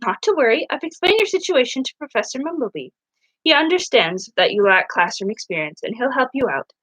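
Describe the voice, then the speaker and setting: A woman's voice: on the high side, lively intonation, a little fast, a bit bright, no room sound, voice pushed up, rough recording. A woman doing a kind, reassuring woman doctor.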